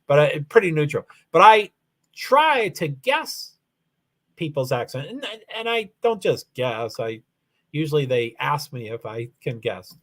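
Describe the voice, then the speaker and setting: A man's voice: a little high, normal speed. A man from Kentucky with a faint Southern accent, hosting a casual livestream chat and talking in a rambling, hesitant way with lots of restarts. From Louisville, Kentucky, USA. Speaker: livestream host.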